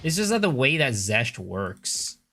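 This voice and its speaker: A man's voice: mid-range voice, very animated, a little slow, pushed and bright, soft background music. A man streaming a game, chatting casually with his viewers and giving loose, blunt opinions, with some swearing. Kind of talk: casual livestream chat while gaming.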